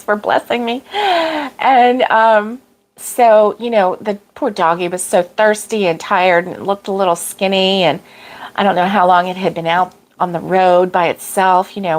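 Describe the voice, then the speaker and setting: A middle-aged woman chatting casually on a livestream at a middle pitch. She rambles with many fillers and easy laughs. Allergy sneezes and coughs come and go. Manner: rambling, chatty, laughs often, greets viewers by name. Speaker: crochet livestream host. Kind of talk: casual chat.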